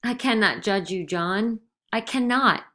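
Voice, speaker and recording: A woman's voice: mid-range voice, lively intonation, measured pace, background noise, voice pushed up, lightly acted. A woman voicing a fearful yet firm wife in a dramatized play reading, strained and pleading.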